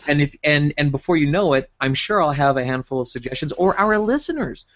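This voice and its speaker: A man's voice: on the high side, lively intonation, brisk, fairly bright tone, lo-fi sound. A man on a casual podcast, friendly and keen to organize the talk. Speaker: podcast co-host. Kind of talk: casual chat.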